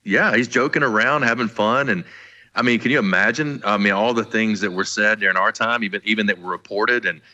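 A man's voice: fairly low pitch, brisk, sharp tone, dull audio. A man, a former college football player, co-hosting a sports talk show in a rambling, easygoing way with many restarts.

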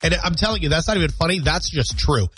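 A man's voice: on the high side, expressive, fast, fairly bright tone, faint music behind. A male radio morning show host with a nasal, congested voice, bantering upbeat from the studio.

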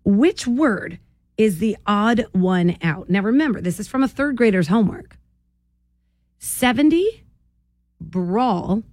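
A woman's voice: mid-range voice, darkish tone, dry recording. A woman hosting a morning radio show, chatting with listeners in a bubbly way and laughing often. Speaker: radio host. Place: radio studio.

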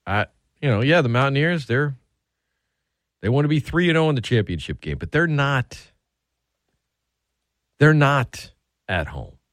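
A man's voice: mid-range voice, big pitch swings, a little slow, pauses often, a bit bright, no echo, studio quality. A man hosting a sports radio show, talking casually and chattily with frequent restarts and asides.

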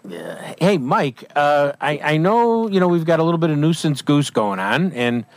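A man's voice: a little high, big pitch swings, moderate pace, no room sound. A man hosting an outdoors radio show, chatting in a jovial, playful way with a caller. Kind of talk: casual outdoors radio chat.

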